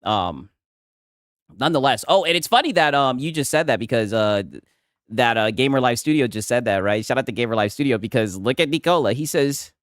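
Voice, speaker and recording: A man reacting to posts on a casual stream, animated and laughing, with "right?" after many lines. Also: medium pitch, brisk, no echo, clean studio sound, soft background music.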